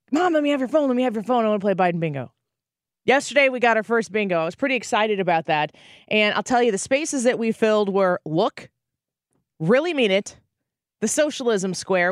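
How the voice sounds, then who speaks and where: A woman in her thirties hosting a talk radio show, telling stories with animated energy and acting out the quotes. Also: medium pitch, dry recording, studio quality. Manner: animated storytelling, acts out quotes. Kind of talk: conservative talk radio monologue.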